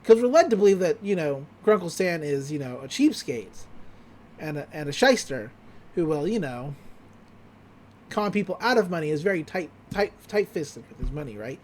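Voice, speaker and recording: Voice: mid-range voice, animated, normal speed, a little mellow, slight background noise. A podcast host recapping a cartoon episode in casual chat, laughing often and slipping into character voices.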